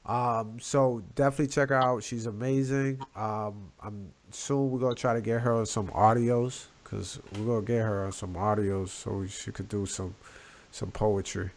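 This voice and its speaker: Laid-back man giving casual shout-outs. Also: lowish voice, steady tone, normal speed. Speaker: podcast co-host. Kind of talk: casual chat.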